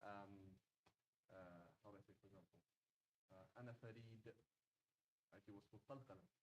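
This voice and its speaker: A man's voice: sits low, little pitch movement, brisk, a little hiss or hum, low-quality recording. A British man teaching a Quranic Arabic class in a conversational way, often checking in with "right?". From Britain.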